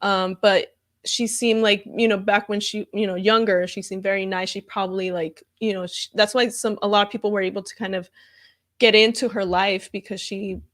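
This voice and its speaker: A woman's voice: mid-range voice, little pitch movement, normal speed, fairly bright tone. A woman reacting on camera in a casual vlog, talking in an upset, heated way with lots of fillers, and reading viewer comments aloud. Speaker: comedian reacting to news.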